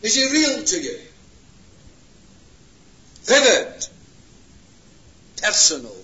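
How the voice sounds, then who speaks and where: Impassioned high-voiced man preaching. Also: very animated, very slow. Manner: impassioned, swings from hushed to loud. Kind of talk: sermon. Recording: lo-fi roomy hall recording.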